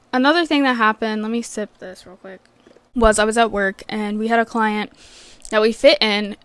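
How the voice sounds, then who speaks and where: A woman's voice: mid-range voice, a bit bright, smooth, dry recording. A woman hosting a podcast, telling work stories in a casual, profane ranting style. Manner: swears freely, ranting. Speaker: podcast host. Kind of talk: casual storytelling rant. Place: vet clinic worker telling work stories.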